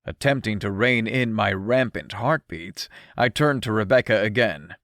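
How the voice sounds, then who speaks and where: A man narrating an audiobook in an expressive first-person storytelling manner, recorded on a close studio mic. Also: fairly low pitch, moderate pace, dry recording.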